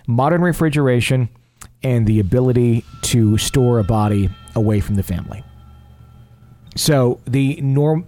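A man's voice: mid-range voice, a little mellow. A middle-aged man hosting a paranormal podcast, chatting casually and reading listener letters with self-deprecating humor. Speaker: podcast host.

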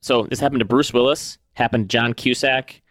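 Male podcast co-host, casual and chatty, mid-pitched voice, dry close recording. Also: a little fast, no echo. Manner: relaxed, chatty, lots of "like" fillers. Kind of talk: casual chat.

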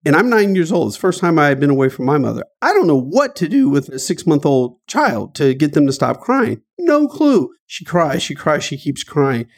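A middle-aged man from Dayton, Ohio, telling an emotional personal story as an interview guest. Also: a little mellow. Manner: earnest, emotional, rising pitch at painful moments. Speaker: guest author.

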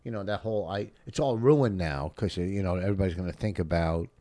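A man's voice: low voice, quick pace, mellow. A middle-aged man, a stand-up comic, rambling and swearing through casual podcast banter. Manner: rambling, profane, gruff banter. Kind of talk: casual chat.

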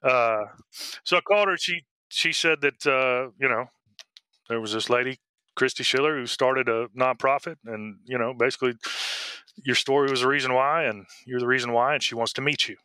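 A middle-aged man, a police dog handler, telling his story in a casual interview, halting with fillers and restarts. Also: mid-range voice, sharp tone, smooth, dry recording.

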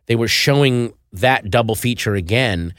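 A man, a guest comedian, telling stories in animated casual chat and acting out gruff quotes. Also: medium pitch, normal speed, no room sound, studio quality.

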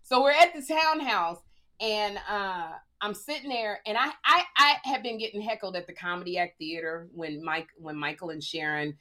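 A middle-aged woman comedian, chatting casually and telling stories in a lively, joking way. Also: medium pitch, moderate pace. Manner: animated storyteller, lively and joking. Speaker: stand-up comedian. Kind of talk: casual podcast chat.

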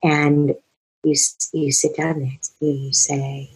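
A woman's voice: sits low, flat delivery, normal speed, a little mellow, breathy edge, rough recording. A middle-aged woman, a parenting expert, earnestly explaining her advice in an interview, using worked-through examples.

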